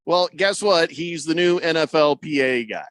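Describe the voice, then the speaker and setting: A man's voice: fairly high pitch, normal speed, fairly bright tone. A man hosting a sports radio show, bantering in a joking, mock-serious way. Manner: joking, mock-serious, puts on silly accents. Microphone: studio microphone.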